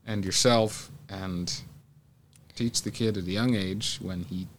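A man with a low voice chats on a podcast with faint background noise. He speaks haltingly and restarts his sentences. His humor is dry. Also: fairly even intonation. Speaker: podcast co-host. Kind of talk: casual chat.

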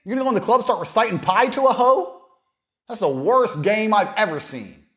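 A man's voice: sits high, expressive, brisk, a bit bright. A man giving a boastful, mocking monologue, swaggering and profane. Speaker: podcast speaker.

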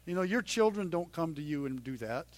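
A middle-aged man preaching a sermon in a conversational way, dropping to a hush and then rising loud and emphatic. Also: fairly high pitch, expressive, fairly quick, no echo. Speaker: pastor.

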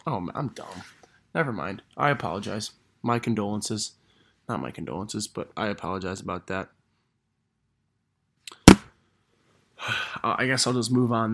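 A man's voice: on the low side, fairly bright tone. A young man hosting a casual podcast, rambling and self-deprecating as he reads old messages aloud. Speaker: podcast host.

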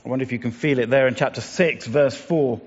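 A man's voice: medium pitch, fast, breathy edge. A middle-aged man giving a reflective morning devotion, in a conversational, musing way with many fillers and restarts. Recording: dull lo-fi sound, long reverb.

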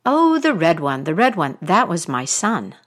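A woman's voice: lowish voice, very animated, a little slow. A woman storyteller voicing a fearsome old witch who speaks sharply and bluntly. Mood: stern. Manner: sharp and commanding.

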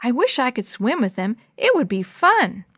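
Excitable little girl, squealing and giggly, a woman voicing her, very high. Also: moderate pace, slightly rough, dry recording, studio quality, heavily acted. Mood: excited.

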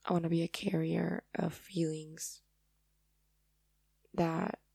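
Slow, gravelly Paraguayan woman. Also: on the low side, level tone, warm tone, dry recording. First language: Spanish. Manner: rambling, earnest and effusive. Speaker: podcast host. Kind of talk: casual solo talk.

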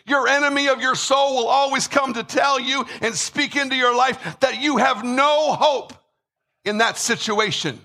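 A man preaching a sermon with emphasis, repeating words and rising to shouts. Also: extremely high pitch, unhurried. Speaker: pastor.

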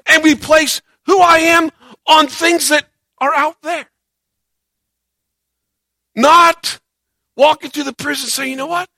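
A man preaching a sermon as a pastor, animated, swinging between loud and soft and acting out quoted voices. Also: extremely high pitch, slow, long pauses, no echo.

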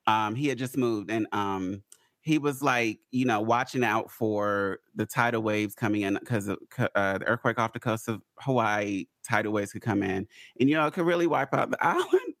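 A podcast host with a lowish voice tells stories in casual conversation at a moderate pace, animatedly acting out other people's voices. The sound is clean studio audio with no room noise.

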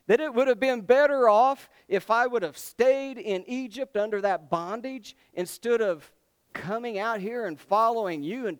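Brief: preacher voicing whining, fearful Israelites, high, clean, accusing. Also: male voice, clean tone, no room sound, clean studio sound. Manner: complaining, accusing, high-pitched outcry. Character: whining frightened Israelite complainers, adult crowd.

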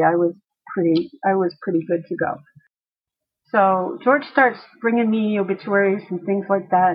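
A woman telling a personal story to a listener, animated and acting out the voices of the people she quotes. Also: mid-range voice, slightly rough, muffled recording.

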